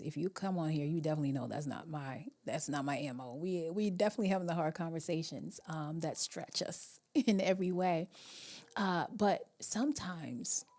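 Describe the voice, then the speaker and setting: A woman hosting a live relationship-coaching show, talking in a reflective, meandering way with many fillers and a soft, half-whispered delivery at times. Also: sits low. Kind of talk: casual live-stream talk.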